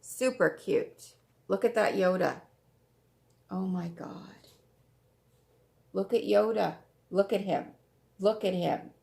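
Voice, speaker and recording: Casting note: woman, crafting vlog host, unhurried and gravelly, gushy and repetitive. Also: medium pitch, dark tone. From Canada. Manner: chatty, gushing, repeats herself. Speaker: flosstube host. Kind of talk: casual show-and-tell chat.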